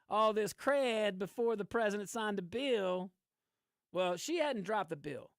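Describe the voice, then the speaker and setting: A man's voice: sits high, measured pace, clear, resonant tone, no echo, clean studio sound. A man hosting political commentary, ranting with lots of laughs. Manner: animated, ranting, laughs often. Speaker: host.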